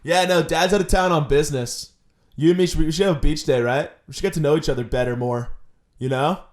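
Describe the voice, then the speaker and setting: A man's voice: on the high side, quick pace, close to an everyday voice. A man voicing a sleazy young stepson who hits on his stepmom.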